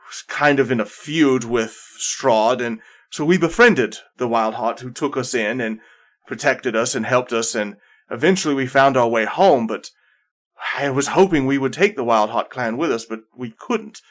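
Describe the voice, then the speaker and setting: A man voicing Miles, a weary male leader, who tells his story haltingly with many restarts. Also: mid-range voice, a bit bright, natural voice. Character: weary older male leader recounting past exile. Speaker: character voiced by the game master. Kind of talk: improvised tabletop role-play.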